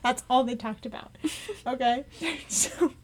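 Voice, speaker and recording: Casting: bright high-pitched woman, casual storyteller, giggly. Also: unhurried. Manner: animated, laughs often, acts out quotes. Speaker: podcast co-host.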